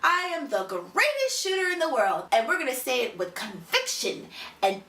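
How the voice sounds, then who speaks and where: A woman's voice: high-pitched, sing-song, moderate pace, pushed and bright, roomy sound, recorded from a distance. A woman giving an emphatic, repetitive motivational address to a single listener. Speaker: motivational speaker.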